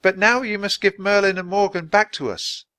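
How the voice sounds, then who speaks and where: A man's voice: sits high, moderate pace, pushed and bright, dry recording, voice pushed up. A man doing an eager young girl. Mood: earnest. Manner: earnest, pleading.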